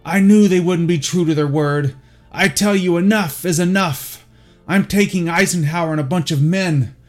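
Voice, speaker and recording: A man voicing an enraged male militia leader who shouts bitter threats over a radio. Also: mid-range voice, animated, slow, soft background music.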